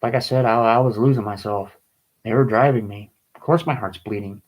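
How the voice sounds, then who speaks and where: A man reading and explaining his own poem in a video, pleading and agitated, his voice rising into angry bursts, with halting restarts. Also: medium pitch, highs cut off. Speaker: vlogger.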